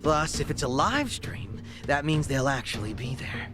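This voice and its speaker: A man's voice: medium pitch, big pitch swings, normal speed, over music, natural voice. A man voicing a wry, streetwise ally in a crime video game.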